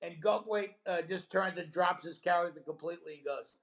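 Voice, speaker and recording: A man's voice: high-pitched, fairly even intonation, a little fast, gravelly, a bit bright. A middle-aged male comedian on a radio show, telling a rambling road story full of fillers and laughs. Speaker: comedian guest. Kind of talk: casual storytelling interview. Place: radio studio.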